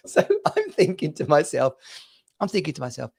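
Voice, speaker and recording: A man's voice: a little high, huge pitch swings, normal speed, gravelly, pauses often, breathy edge. A man co-hosting a podcast, telling anecdotes in casual banter and laughing through them. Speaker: podcast co-host.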